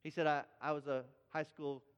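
A man preaching a sermon, telling stories with animated energy and often repeating words as he builds up. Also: fairly high pitch, normal speed, clear, resonant tone, in a large hall, lo-fi sound. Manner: animated storytelling, repeats words when excited. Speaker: pastor.

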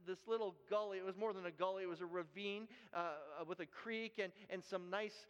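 A Canadian pastor preaches a sermon, earnestly recounting a personal story while often repeating and restarting words. His male voice sits high and sounds brisk, fairly bright, clear and resonant. The recording is dull and lo-fi, made in an echoey hall.

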